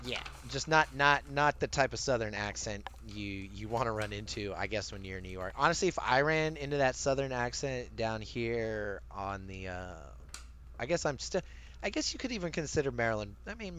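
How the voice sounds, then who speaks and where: A man chats casually on a podcast, animated and quick to laugh. His delivery is loose, with casual swearing. A faint background noise sits under the voice. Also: medium pitch. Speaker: podcast co-host. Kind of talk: casual chat. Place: lives near Maryland.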